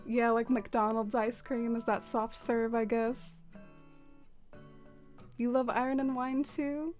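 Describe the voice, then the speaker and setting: A young woman streamer chatting casually with her viewers as she decorates, full of "like" and quick laughs. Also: fairly high pitch, little pitch movement, darkish tone, faint music behind. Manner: chatty, many fillers, laughs often. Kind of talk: casual livestream chat with viewers.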